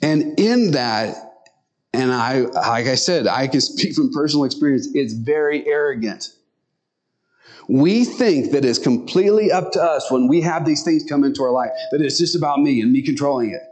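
A man preaching a sermon in an earnest, conversational way, often speeding up and slowing down. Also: medium pitch, lively intonation, a little mellow. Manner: tells stories and acts out quotes.

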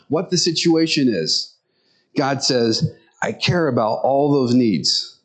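A man preaching a sermon in an earnest, conversational way, often speeding up and slowing down. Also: medium pitch. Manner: tells stories and acts out quotes.

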